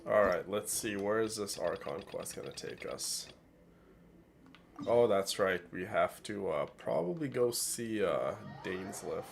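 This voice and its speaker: Sick nasal man with gravelly voice. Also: on the low side, a little hiss or hum. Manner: rambling, chatty with viewers. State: sick, congested. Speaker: gaming streamer. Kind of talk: casual let's play commentary.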